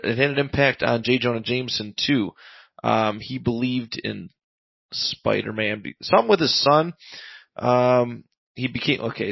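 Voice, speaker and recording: A man with a gravelly, fry-edged voice talks through a comic plot in a loose, rambling way, stopping often on ums and uhs. He sounds close and dry, with no room around him. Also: mid-range voice, fairly bright tone, dry recording, rough recording. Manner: rambling recap full of fillers, paraphrasing lines. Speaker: podcast co-host reviewing comics. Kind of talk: casual chat recapping a comic.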